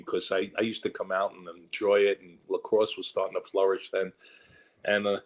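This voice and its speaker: A man's voice: low-pitched, level tone, normal speed, rough recording. An older man with a New York accent, a guest actor telling rambling stories in a casual interview and acting out the voices he quotes.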